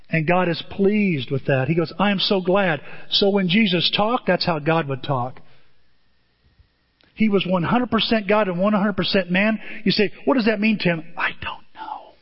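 A middle-aged man preaching a sermon, telling stories with lively jumps in pitch and quick asides. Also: husky. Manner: animated storytelling with sudden pitch jumps and asides. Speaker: pastor. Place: church auditorium. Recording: dull sound in a reverberant hall.

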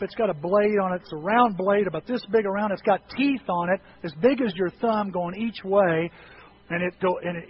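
A middle-aged male pastor preaching a sermon in a church, telling lively stories with self-deprecating humor. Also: high-pitched, lo-fi sound, slight background noise. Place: church sanctuary.

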